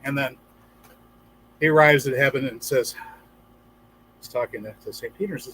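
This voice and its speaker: A man's voice: medium pitch, moderate pace, pauses often, a bit bright, husky, poor audio. A man hosting a casual livestream for gardeners, chatting, reading viewer comments aloud and telling jokes with a few acted-out voices. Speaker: livestream host.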